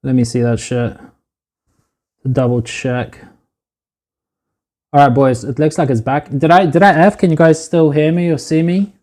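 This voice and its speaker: In a casual cooking stream filmed on a phone in his home kitchen, a man swears freely and calls his viewers "boys." His voice is on the high side and darkish, his tone steady, and he speaks a little slowly with long pauses.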